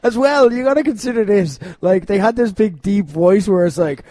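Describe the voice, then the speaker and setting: Man, high-pitched, casual podcast co-host, rambling storyteller, laughing, dry close sound. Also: lively intonation, moderate pace, hardly any pauses, dark tone, dry recording.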